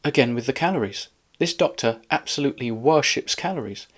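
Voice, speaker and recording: A man's voice: mid-range voice, lively intonation, a little fast. Sarcastic man reacting to clips. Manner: sarcastic, argumentative. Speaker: channel host reacting to a clip. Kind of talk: reaction commentary.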